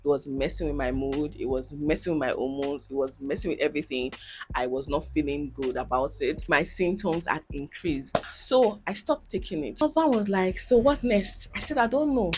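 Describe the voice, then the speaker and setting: A woman's voice: brisk, a little hiss or hum. A woman in her thirties, a content creator, telling her own story with candid emotion, sighs and laughs. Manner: animated, acts out quoted voices with big pitch jumps. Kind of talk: personal storytelling vlog.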